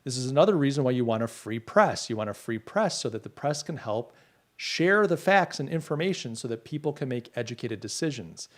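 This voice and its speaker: A man's voice: mid-range voice, lively intonation, brisk. A middle-aged man hosting a podcast, rambling through opinions and reading out viewer comments in casual livestream talk. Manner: opinionated, rambling, many restarts. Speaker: podcast host.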